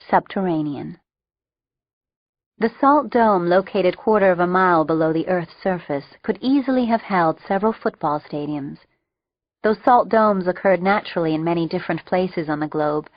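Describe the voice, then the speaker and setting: A woman reading an audiobook in a lowish voice, steady and a touch wry. The sound is dull, dry and lo-fi, with no room around it. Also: no room sound. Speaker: audiobook narrator. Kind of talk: audiobook narration.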